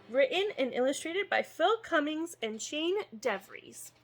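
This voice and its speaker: A woman reading a picture book aloud to children with expressive, sing-song storytelling. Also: high-pitched, measured pace, few pauses, faint music behind, low-quality recording. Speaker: student success advisor reading to children.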